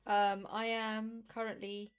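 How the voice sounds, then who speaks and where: A woman's voice: medium pitch, little pitch movement, slow, smooth, soft background music. Chatty British woman streamer. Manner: chatty, rambling, self-deprecating. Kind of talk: casual livestream chat.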